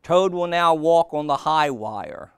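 A man voicing a booming, far-off announcer in a dream from a storybook, drawn-out and grand. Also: animated, clean tone, no echo, studio quality.

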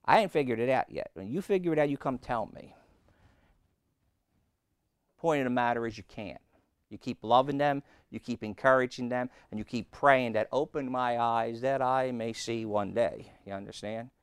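A man's voice: mid-range voice, normal speed, clean tone, no echo, clean studio sound. A man preaching a conversational sermon in a plainspoken, folksy way, often turning to the listeners with rhetorical questions.

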